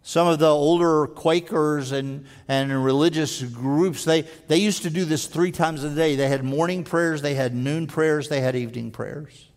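A man preaching a sermon in earnest, stumbling over restarts and dropping to a slow, quiet voice for emphasis. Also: a little high. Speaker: pastor. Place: church sanctuary. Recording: long hall reverb.

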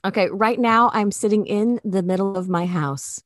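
A woman in her forties from the Chicago suburbs, hosting a podcast in an easygoing chat and quick to laugh. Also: mid-range voice, no room sound. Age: 40s. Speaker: podcast host. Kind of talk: casual chat.

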